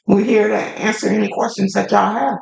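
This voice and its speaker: A woman's voice: mid-range voice, flat delivery, a little fast, gravelly, a little mellow. Outspoken woman co-host, echoey room. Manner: outspoken, emphatic, colloquial, calls out to listeners. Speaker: podcast co-host. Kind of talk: casual chat. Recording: roomy echo.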